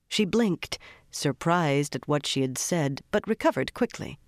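A narrator reads fantasy prose in an even, steady storytelling voice. The pitch sits in the middle range. The close mic gives a dry sound with no room echo. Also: unhurried. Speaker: audiobook narrator.

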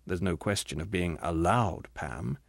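A man reading the part of a gentle, patient spirit who calmly explains things to his grieving sister in an audiobook. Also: sits low, measured pace, vocal fry, dry recording, studio quality, voice pushed down, heavily acted. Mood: gentle, soothing. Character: patient, gentle bright spirit, the ghost's brother.

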